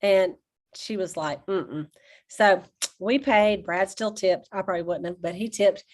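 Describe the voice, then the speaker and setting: A woman's voice: medium pitch, steady tone, moderate pace. Chatty woman telling stories. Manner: chatty storyteller, addresses listeners as y'all, laughs often. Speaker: sales team leader. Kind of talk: casual talk on a team call.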